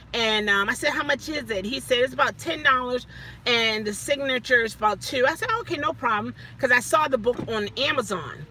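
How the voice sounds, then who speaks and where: A woman telling a story casually as a vlogger, animated, acting out the people she quotes. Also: fairly high pitch.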